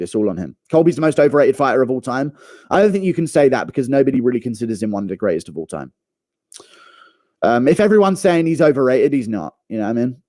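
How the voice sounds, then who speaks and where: Animated, foul-mouthed young man ranting. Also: mid-range voice, no room sound, studio quality. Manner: animated, profane, rambling. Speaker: streamer. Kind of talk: casual ranting commentary.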